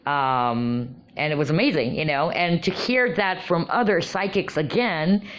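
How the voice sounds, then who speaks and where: A woman vlogger casually telling her own experiences, with many fillers and lots of excitement. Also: low voice, measured pace. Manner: animated, many fillers like "you know" and "um". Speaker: vlogger sharing personal experiences. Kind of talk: casual personal storytelling.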